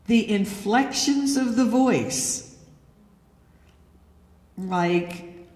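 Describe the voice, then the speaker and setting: A woman with a voice on the high side and a darkish tone speaks very slowly while lecturing an audience in a church hall. She tells anecdotes and acts out the quoted dialogue, and the hall echoes with long reverb.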